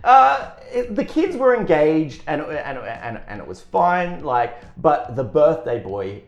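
A man in his thirties tells a story in loose, casual chat. His voice swings widely in pitch as he rambles, laughs at himself and swears freely. The room around him sounds echoey. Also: sing-song, slow pace, vocal fry, muffled recording. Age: 30s. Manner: rambling, self-deprecating, frequent restarts and swearing.

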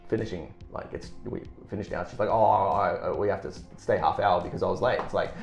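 A man's voice: sits low, fast talker, hardly any pauses, a little mellow, echoey room, faint music behind. A man in his thirties telling a story in casual chat, rambling and self-deprecating, with lots of restarts and swearing. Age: 30s.

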